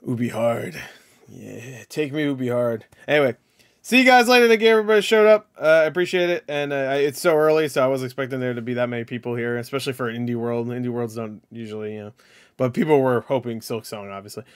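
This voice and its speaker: A young man casually chatting on a live stream and reading out viewer comments, joking and crude, sometimes mumbling and sometimes breaking into loud mock outbursts. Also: mid-range voice, steady tone, quick pace.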